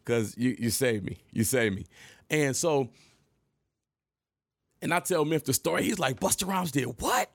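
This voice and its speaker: A man in his thirties casually telling an animated story to camera, laughing and jumping high when he quotes himself. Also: a little slow, long pauses, no room sound, studio quality. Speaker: vlogger.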